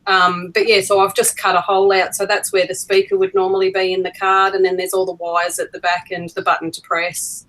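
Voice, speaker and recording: A woman's voice: mid-range voice, little pitch movement, fairly quick, few pauses, fairly bright tone, low-quality recording. A woman with an Australian accent chatting easily on a video call and explaining how she makes things, laughing often. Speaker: fan puppet maker on a live video call. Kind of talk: casual chat.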